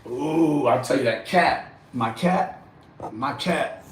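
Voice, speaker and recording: A man chatting casually with viewers on a livestream, animated and joking, swearing and laughing often. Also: mid-range voice, takes it slowly, background noise. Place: outdoors in a backyard.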